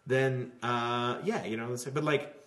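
A man's voice: mid-range voice, steady tone, takes it slowly, fairly bright tone, reverberant. A man in casual podcast chat, talking loosely with lots of fillers and trailing thoughts. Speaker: podcast co-host.

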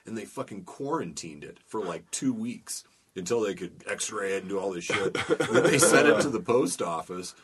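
A man's voice: on the low side, expressive, moderate pace, a crowd in the background. A man telling wry, profane anecdotes in casual chat.

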